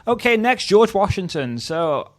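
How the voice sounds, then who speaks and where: A Welsh man hosting a history channel offers casual, opinionated tier-list commentary, thinking aloud as he goes. His voice is high and a little slow, swinging widely in pitch.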